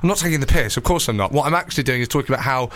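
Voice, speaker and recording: A man's voice: mid-range voice, expressive, racing, a bit bright. A young man hosting a casual chat podcast, chatty and self-mocking, laughing often. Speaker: podcast host.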